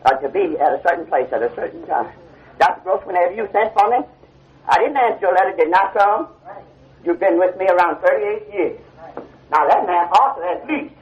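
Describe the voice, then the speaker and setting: Older preacher with a lively, high voice. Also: male voice. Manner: call-and-response, keeps asking "you see?". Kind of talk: preaching a class lecture. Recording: dull old 1970 lecture tape.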